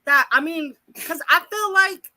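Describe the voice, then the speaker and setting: A woman's voice: extremely high pitch, dry recording. A woman co-hosting a casual podcast, talking candidly and laughing easily. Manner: candid, animated, quick to laugh. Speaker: podcast co-host. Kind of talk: casual chat.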